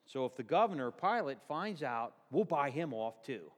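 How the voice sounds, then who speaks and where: A male pastor voicing scheming religious elders who bribe the guards, low and conspiratorial. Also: big pitch swings, normal speed, long reverb tail.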